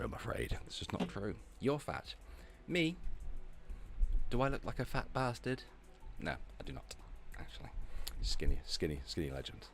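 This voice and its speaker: A man hosting a casual livestream rant, sarcastic and mocking, dropping from low mutters to loud announcements. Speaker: streamer host.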